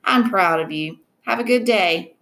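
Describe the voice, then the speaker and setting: A woman's voice: medium pitch, a little slow, gravelly, a bit bright. A woman reading aloud as a stern, exasperated but teasing father.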